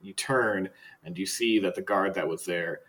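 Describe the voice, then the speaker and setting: A man narrating a tabletop role-playing game as game master, casual and halting, with many fillers. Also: deep voice, fairly bright tone, poor audio.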